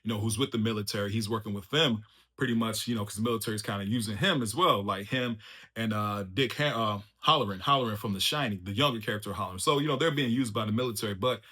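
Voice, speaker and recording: Fast, bright-voiced man reviewing a show. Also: fairly low pitch, breathy edge. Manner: excitable, laughs often, slangy asides. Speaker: TV review channel host. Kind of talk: casual spoiler review chat.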